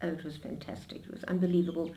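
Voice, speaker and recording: An older woman being interviewed, telling her memories in an animated storytelling way with frequent restarts. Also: on the low side, fast talker, dull audio.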